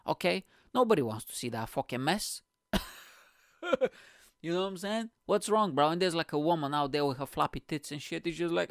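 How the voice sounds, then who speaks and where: A male comedy host rants on his own, profane and mocking, his voice leaping up and down as he riffs. His speaking voice sits a little high for a man. The sound is dry and close, with no room echo. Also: a little fast. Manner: profane, ranting, animated; mocking, with sudden voice jumps. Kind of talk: solo comedy rant.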